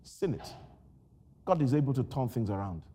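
A Nigerian-born man preaching a sermon, shouting and repeating phrases with rising intensity, telling personal stories in an animated way. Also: mid-range voice, normal speed, a little hiss or hum.

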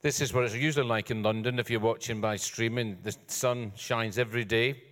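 A man's voice: mid-range voice, fairly even intonation, brisk, a bit bright, in a large hall. An older man, a guest preacher, giving a sermon with joking, self-deprecating asides. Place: church hall.

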